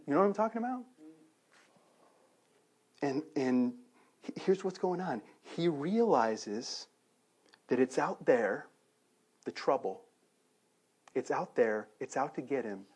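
A man, around his thirties, preaching a sermon in a conversational, animated way, full of rhetorical questions. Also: medium pitch, slightly rough. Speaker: pastor.

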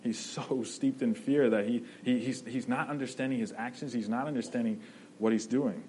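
A man's voice: medium pitch, steady tone, normal speed, warm tone, slight background noise, low-quality recording. Conversational male preacher, often asks "right?". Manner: conversational, often asks 'right?', restarts phrases. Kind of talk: sermon.

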